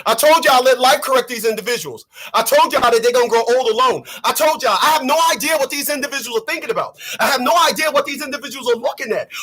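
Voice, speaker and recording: A man's voice: very high voice, sharp tone. A man delivering preachy, profane ranting commentary on his channel, repeating lines for effect. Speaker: vlogger.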